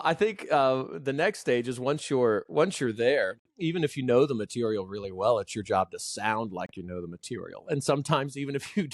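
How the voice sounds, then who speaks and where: A man speaking as a trainer in a casual podcast conversation, showing off vocal inflection with big pitch swings. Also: no room sound, clean studio sound.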